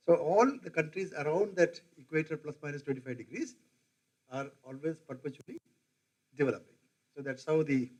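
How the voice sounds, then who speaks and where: A man's voice: on the high side, poor audio. An older man gives a conversational classroom lecture, quizzing his audience. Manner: conversational, quizzes the audience, mimics regional accents. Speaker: professor lecturing.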